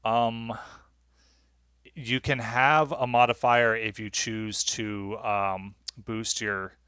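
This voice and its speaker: A man's voice: fairly low pitch, little pitch movement, slow pace, pushed and bright, smooth, no room sound. A man running a tabletop game as game master, talking with many hesitations and fillers.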